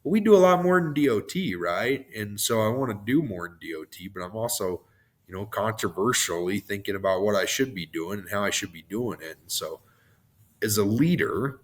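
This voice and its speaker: Hoarse, rambling male podcast host. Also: lowish voice, expressive, brisk. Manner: rambling, goes off on tangents, laughs at himself. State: hoarse, worn-out voice. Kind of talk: motivational podcast monologue.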